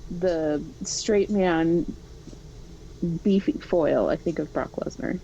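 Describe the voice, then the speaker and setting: Lower-voiced woman making her case. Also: takes it slowly, creaky, dark tone, dull audio, slight background noise. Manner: argues her case openly, admits bias. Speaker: podcast co-host. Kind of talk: casual chat.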